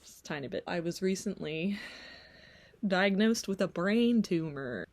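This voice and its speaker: A woman's voice: lowish voice, expressive, unhurried, vocal fry, a little mellow. A woman vlogging casually at home, chatty and playful, often laughing and drifting off on tangents. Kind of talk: casual talk to camera.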